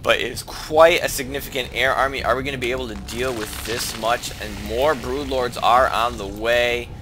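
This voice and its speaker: A man's voice: medium pitch, moderate pace, noisy background. A man giving casual play-by-play commentary on a team strategy game he is playing, thinking aloud with many restarts, his voice lifting when fights break out.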